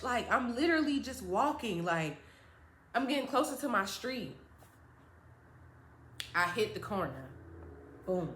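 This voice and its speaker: High-voiced woman telling a story. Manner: animated, slangy, addresses viewers directly. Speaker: vlogger. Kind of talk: casual storytime. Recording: roomy echo.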